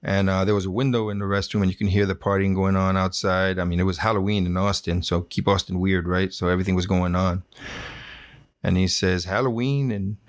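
Dry-voiced, low middle-aged man. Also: little pitch movement, brisk, no room sound. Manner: plainspoken, wry, with many fillers and restarts. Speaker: former Border Patrol agent telling his story. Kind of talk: casual personal storytelling.

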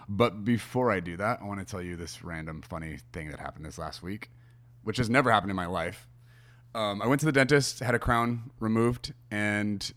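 A man's voice: fairly low pitch, a bit bright. A man hosting his own podcast, chatting casually and meandering as he talks to his listeners before an interview. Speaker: podcast host.

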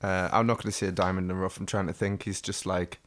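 A man's voice: low voice, little pitch movement, fast, fairly bright tone. A man with a British accent chatting casually and crudely about a TV show, swearing and laughing often. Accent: British English. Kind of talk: casual chat reviewing a TV show.

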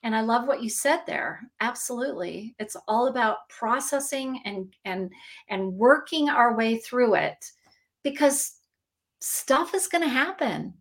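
A woman speaks with a slightly raised pitch in an easygoing podcast conversation. She is earnest and reflective, and she circles back over her own phrases to stress them. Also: lively intonation, a little slow. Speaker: emotions advocate. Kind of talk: casual podcast chat.

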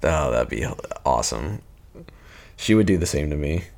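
Man co-host, very low voice, dry deadpan one-liners, casual chat. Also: moderate pace. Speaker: podcast co-host.

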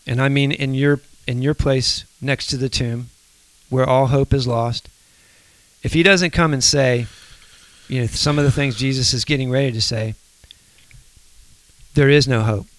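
A man co-hosting a faith podcast, speaking in a soft, reflective, halting way. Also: medium pitch, fairly even intonation, no room sound. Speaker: podcast co-host.

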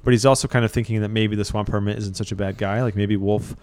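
A man with a smooth, clear voice tells a spooky story in an easygoing, unhurried way, pausing on his fillers. The sound is dry and close. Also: on the low side, fairly even intonation, darkish tone, no room sound. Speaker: storyteller and co-host. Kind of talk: casual storytelling.

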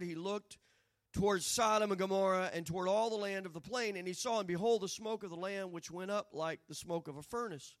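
A man preaching a sermon as pastor, moving from quiet storytelling to loud, rising proclamation. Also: high voice.

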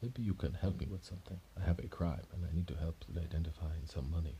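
A polite, businesslike police inspector in a told story, as a man plays him. His voice sits low and dark, and he speaks plainly and earnestly. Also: fast, lo-fi sound, slight background noise. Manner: polite, businesslike, slightly confused. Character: earnest male police inspector, middle-aged.

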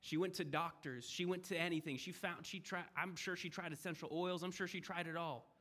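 A young man preaching a sermon, animated and conversational, swinging between loud emphasis and hushed asides as he acts out the voices in the story. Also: fairly high pitch, a little fast.

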